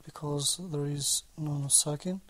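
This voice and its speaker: A hesitant male student answers his teacher in a recitation class, offering brief, tentative replies, at times softly from a little distance. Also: on the high side, steady tone, slow.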